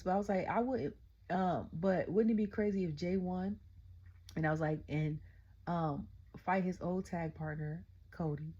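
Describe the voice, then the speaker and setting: A middle-aged woman casually recapping a wrestling event, excitable and chatty, constantly retelling her own reactions. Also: fairly low pitch, normal speed, breathy edge, muffled recording. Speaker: wrestling show reviewer. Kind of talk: casual rant-style recap.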